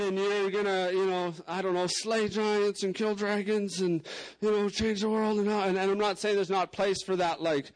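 High-voiced man preaching conversationally. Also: poor audio. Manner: candid, conversational preaching with frequent "like" and "you know". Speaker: pastor. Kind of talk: sermon.

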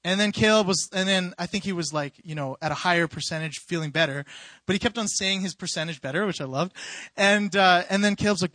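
A young man telling a story in an informal sermon, animated and rambling, with many restarts and fillers. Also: high voice, a little fast, no echo. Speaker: youth preacher.

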